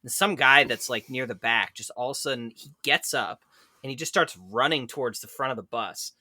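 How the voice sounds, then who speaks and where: Podcast co-host, male, very bright tone, dry close sound, rambling storyteller. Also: mid-range voice, fairly quick, dry recording. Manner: rambling, many "like" fillers, laughs while telling. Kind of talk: casual storytelling chat. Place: San Francisco bus commuter.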